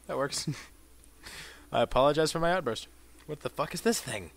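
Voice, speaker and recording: A man giving profane gameplay commentary, muttering dry asides and bursting into shouted insults at enemies. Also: medium pitch, expressive, normal speed, long pauses, no room sound. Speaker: let's play gamer.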